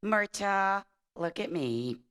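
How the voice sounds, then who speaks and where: A woman voicing a gruff, grumbling man who is tired of the city, with a put-on New York accent. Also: mid-range voice, lively intonation, slow, a bit bright. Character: gruff man complaining about a reeking city.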